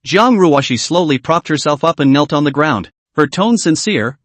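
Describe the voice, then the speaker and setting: A man's voice: on the high side, expressive, moderate pace, hardly any pauses, fairly bright tone, no echo. A man narrating a fantasy story recap in a dramatic reading style.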